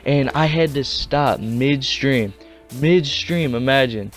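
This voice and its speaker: A man's voice: mid-range voice, slow, soft background music. A young man casually telling a rambling, slangy story. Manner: rambling, slangy, laid-back.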